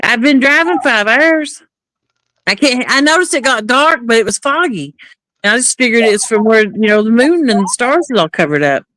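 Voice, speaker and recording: A woman's voice: a little high, moderate pace, no room sound. A woman on a live talk stream casually telling a long story, acting out the back-and-forth dialogue as she goes. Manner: animated, acts out quoted dialogue.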